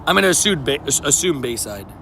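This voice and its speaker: A man's voice: a little high, sing-song, fast, pushed and bright, a little hiss or hum. A young man streaming casually to his live chat, laid-back and slangy, greeting viewers by name while outdoors.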